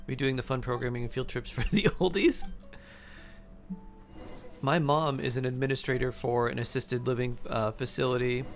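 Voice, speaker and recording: A man's voice: medium pitch, normal speed, faint music behind. A man chatting casually on a game stream, reading chat aloud and humming and mumbling to himself in between.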